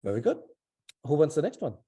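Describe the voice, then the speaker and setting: Man, online teacher, very dark warm voice, patient, encouraging, thinks aloud, video call. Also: a little high, huge pitch swings, fast, breathy edge. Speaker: language teacher.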